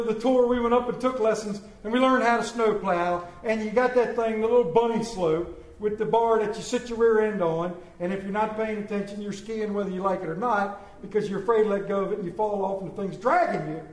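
A high-voiced man preaches in a church hall, and the room's echo hangs on his words. He reads scripture slowly and with weight, then jokes and trades questions with the congregation. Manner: slow emphatic scripture reading, then joking banter with the congregation. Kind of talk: sermon with scripture reading and audience questions. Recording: echoey room.

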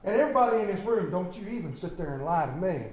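Man, pastor, impassioned sermon, swings from loud to hushed, high voice, echoey church. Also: expressive, fast.

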